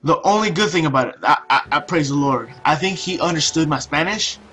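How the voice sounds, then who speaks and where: A man's voice: on the high side, brisk, fairly bright tone, a little hiss or hum. A young man telling a story over gameplay in a casual, profane, ranting way, with many restarts. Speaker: video commentator.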